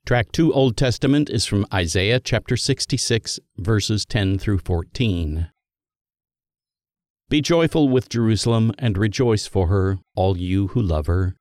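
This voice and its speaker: A man giving a scripted liturgical Bible reading in a measured, solemn manner that lifts for quoted speech. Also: on the low side, animated, darkish tone, no echo. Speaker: scripture reader.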